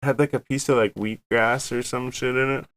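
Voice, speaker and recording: A man telling a rambling, profane story in a casual podcast chat, getting animated when he quotes himself. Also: mid-range voice, normal speed. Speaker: guest.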